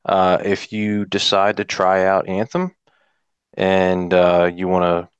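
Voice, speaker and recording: Man, low smooth voice, very slow, hesitant, muffled lo-fi mic. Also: little pitch movement, no room sound. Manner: slow, hesitant, many ums. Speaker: podcast co-host. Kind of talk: casual podcast chat.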